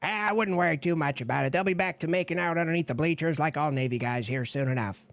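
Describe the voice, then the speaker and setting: A man's voice: on the high side, quick pace, creaky, no echo. A man in a comedy video speaking in a boastful, crude way.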